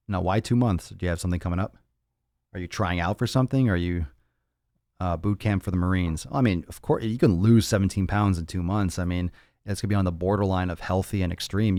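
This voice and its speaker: A man's voice: sits low, darkish tone, dry recording, clean studio sound. A man hosting a casual fitness podcast and answering viewer questions bluntly, with profanity and lots of repeated, rambling phrasing. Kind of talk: casual livestream Q&A.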